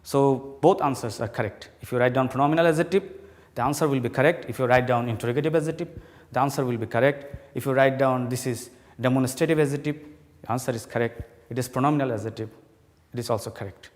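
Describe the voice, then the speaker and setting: Male teacher in echoey hall. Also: mid-range voice. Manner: slow, emphatic explaining to students. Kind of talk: classroom English grammar lesson. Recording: long hall reverb.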